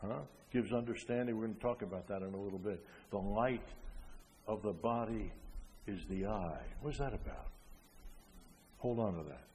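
Older man, preacher, lowish voice, emphatic sermon, rhetorical questions, reverberant hall. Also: normal speed, slight background noise. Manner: emphatic, rhetorical questions, swings between loud and soft.

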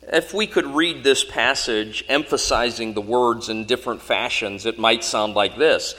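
A man's voice: medium pitch, measured pace, few pauses, pushed and bright. A man preaching a sermon in an earnest, emphatic way, often asking the congregation questions. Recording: long hall reverb.

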